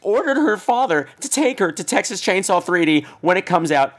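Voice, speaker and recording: A man hosting a podcast, telling a story in an animated, profane way in a casual monologue. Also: high voice, moderate pace. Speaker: podcast host.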